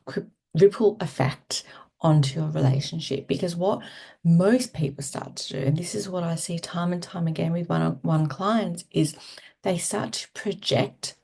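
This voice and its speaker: Woman, relationship coach, low voice, vocal fry, casual advice talk, candid, keeps checking in with listeners. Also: unhurried, warm tone. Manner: conversational, frequently checks in with "okay?", restarts words; candid, occasionally swears.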